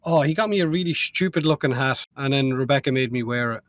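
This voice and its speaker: A man's voice: mid-range voice, no room sound. A man with an Irish accent telling stories and joking in a casual podcast chat among friends. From Ireland. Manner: storytelling, joking, quick asides. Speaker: podcast co-host.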